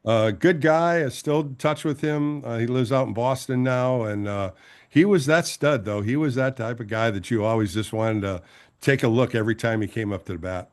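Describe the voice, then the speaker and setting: A man in his sixties, once a ballplayer and now a broadcaster, trades stories as a guest in a relaxed interview. His mid-range voice moves at a moderate pace, and he animatedly performs the voices of everyone he quotes.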